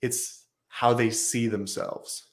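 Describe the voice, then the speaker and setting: A man's voice: mid-range voice, little pitch movement, takes it slowly. A man speaking as a guest on a business talk show, telling a story with emphatic repetition. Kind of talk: storytelling in conversation.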